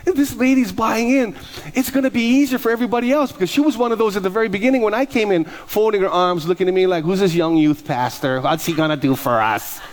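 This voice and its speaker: A man's voice: mid-range voice, darkish tone. A male pastor preaching a storytelling sermon, acting out both sides of conversations.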